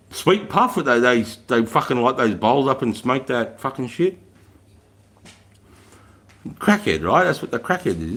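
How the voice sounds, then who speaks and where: A man's voice: mid-range voice, fairly bright tone. An Australian man in his forties, a retired soldier hosting a casual livestream, chatting with viewers, swearing freely and laughing often. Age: 40s.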